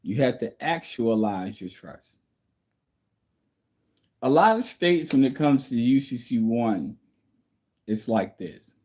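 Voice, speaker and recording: A man's voice: mid-range voice, big pitch swings, takes it slowly, pauses often, darkish tone. A man hosting a casual livestream from home, reading viewer comments and answering them bluntly, like a lecture.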